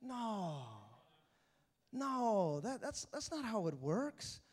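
A man preaching a sermon, swinging from loud exhortation to quiet asides and acting out the voices of churchgoers. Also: very high-pitched, big pitch swings, slow pace. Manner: acts out quoted voices of churchgoers. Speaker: pastor.

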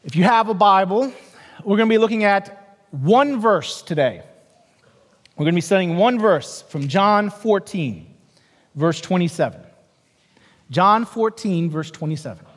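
A middle-aged male pastor with a strikingly high voice preaches in a church sanctuary, and his words ring out with a long reverb. He tells stories with quoted voices and wry, self-mocking humor. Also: lively intonation, a little slow, long pauses. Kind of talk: sermon.

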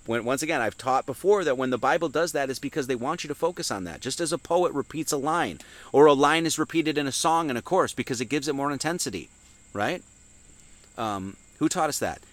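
A man with a slightly high voice teaches scripture in a loose, conversational way. He keeps posing questions and answering them himself, and he lifts his voice when he reads verses aloud. The recording is dry and close, with no room echo. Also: fairly bright tone. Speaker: teacher giving a Sunday Bible talk. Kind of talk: informal esoteric Bible teaching.

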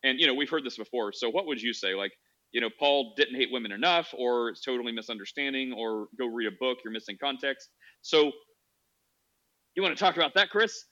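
A man's voice: medium pitch, expressive, a little fast, sharp tone, lo-fi sound. A man hosting a podcast, arguing his point in rambling casual talk with many restarts. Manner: rambling, restarts, quotes others in mocking voices. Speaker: podcast host. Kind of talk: casual debate chat.

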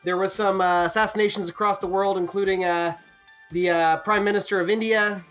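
A man's voice: high voice, steady tone, fairly quick, fairly bright tone, faint music behind. A man co-hosting a podcast in casual chat, rambling and jokey with lots of fillers. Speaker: podcast co-host.

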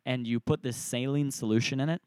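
A man's voice: mid-range voice, brisk, clear, resonant tone, dry recording. Earnest young man, dry close sound. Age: 20s. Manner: earnest, animated, laughs often. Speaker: podcast co-host. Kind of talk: casual chat.

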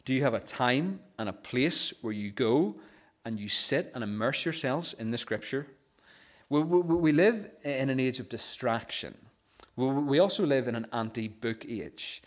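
Male pastor, earnest sermon, frequent stammered restarts, mid pitch. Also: a little slow. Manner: stammering restarts on first sounds; earnest, drops softer on key phrases.

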